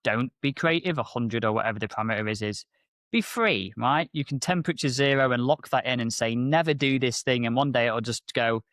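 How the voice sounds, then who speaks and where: This animated co-host, who owns an MSP business, spins stories on a casual business podcast and plays out conversations with climbing pitch. His delivery is brisk, and the studio-quality audio has no echo.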